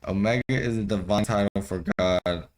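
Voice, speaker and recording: A man's voice: on the low side, rough recording. A young man reading an old scripture aloud, stumbling over the archaic wording and breaking off into loose, profane slang commentary. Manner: reads archaic text haltingly, then riffs in loose profane slang.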